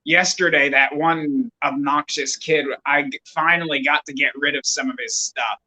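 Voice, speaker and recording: Bright-voiced man, rambling. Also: on the high side, steady tone, normal speed, low-quality recording. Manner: rambling, digressive, wry asides. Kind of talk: casual chat.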